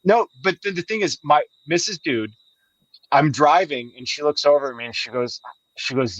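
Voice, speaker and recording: A man's voice: on the high side, moderate pace, fairly bright tone, dry recording. Man, 40s, host, chatty storyteller, muffled dry mic. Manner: chatty storyteller, laughs often. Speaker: livestream host. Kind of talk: casual chat.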